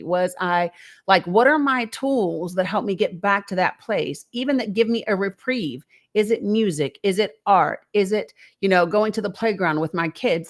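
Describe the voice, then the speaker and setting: A woman hosting a live call-in show, talking in a conversational, reflective way and asking her listeners rhetorical questions. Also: lowish voice. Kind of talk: encouraging live-stream talk.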